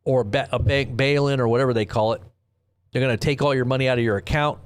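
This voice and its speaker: A man's voice: mid-range voice, fairly even intonation, fast, smooth, no room sound. Guy hosting a live news stream, rambly and jokey, keeps cutting himself off, mid voice, dry close sound. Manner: rambling, self-interrupting, joking. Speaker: host. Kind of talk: casual livestream commentary.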